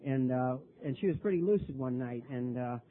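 An older man telling his own recovery story at a meeting, halting and repeating words, his voice rising when he gets worked up. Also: mid-range voice. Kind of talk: personal testimony talk. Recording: tinny phone-like recording.

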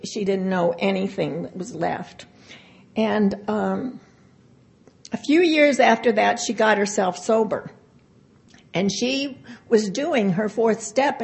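An older woman telling a personal recovery story, halting and emotional, with pauses and restarts. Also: medium pitch, vocal fry, darkish tone. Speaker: speaker sharing a recovery story. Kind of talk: personal testimony.

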